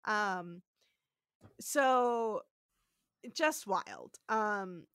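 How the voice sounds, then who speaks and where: Speaking very slowly in a smooth, medium-pitched voice, a young woman co-hosts a podcast in studio quality without room sound. Her casual show recap is animated, as she acts out characters' lines and laughs a lot.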